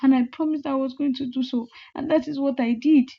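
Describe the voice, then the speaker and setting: A woman's voice: fairly even intonation, a little fast. A woman voicing a frightened young woman who pleads and insists over and over that she is innocent. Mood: desperate. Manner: high, pleading, repeating herself. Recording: slightly muffled lo-fi audio.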